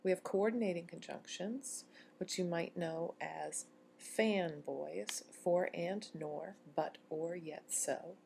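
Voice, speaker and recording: A woman giving a recorded university lecture on grammar, explaining clearly and slowing down to read quoted lines. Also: lowish voice, darkish tone, a little hiss or hum.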